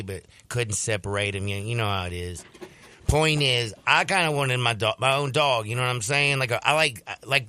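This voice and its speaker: A man hosting a sports radio show, telling a story in a casual, animated way and slipping into voices when he quotes people. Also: fairly low pitch, no room sound.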